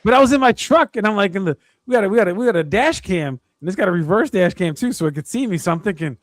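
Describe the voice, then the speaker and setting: A man's voice: high voice, fast, few pauses, no echo. A man co-hosting a casual podcast, telling profane stories and acting out phone calls. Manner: profane, animated storytelling, acts out calls. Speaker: podcast co-host. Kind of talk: casual chat.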